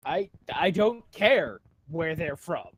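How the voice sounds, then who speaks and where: A man co-hosting with dry, deadpan put-downs. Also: a little high, takes it slowly, slightly rough, no echo. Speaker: co-host. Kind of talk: casual comedic banter.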